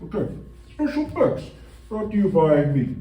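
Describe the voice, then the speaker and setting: A man's voice: high voice, sing-song, moderate pace, warm tone, far from the mic. Goofy man improvising silly sketches. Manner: playful, silly, with lots of "okay". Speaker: comedy sketch performer. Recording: roomy echo.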